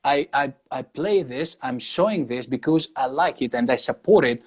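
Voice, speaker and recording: A man's voice: mid-range voice, expressive, moderate pace, slightly rough. A man from Greece with a Greek accent, a guest guitarist speaking English in a casual interview, earnest and thankful, often restarting his sentences. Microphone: video call or live stream.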